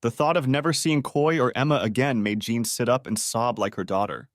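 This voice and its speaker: A man's voice: mid-range voice, moderate pace, fairly bright tone, no echo, studio quality. A man narrating a first-person story as an audiobook narrator.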